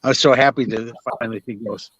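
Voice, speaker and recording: A man's voice: mid-range voice, fairly even intonation, fast talker, fairly bright tone, husky, no echo. An older man, a psychic medium guest, telling stories in a chatty, self-mocking way with many restarts, talking from his car on a video call. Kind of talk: casual storytelling interview. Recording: dry, dull lo-fi sound.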